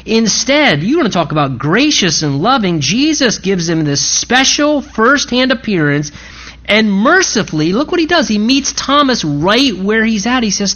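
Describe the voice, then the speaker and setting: Impassioned preacher, lively rising and falling voice. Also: male voice, high-pitched, normal speed, highs cut off. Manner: earnest, impassioned preaching with pleading asides. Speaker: pastor. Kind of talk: sermon. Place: church.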